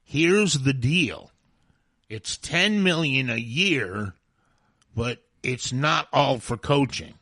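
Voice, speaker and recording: A man's voice: mid-range voice, lively intonation, slow pace, pushed and bright, no room sound, clean studio sound. A man co-hosting a radio talk show, rambling through stories and chuckling as he talks. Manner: rambling, storytelling, laughs mid-sentence. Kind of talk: casual sports and TV chat.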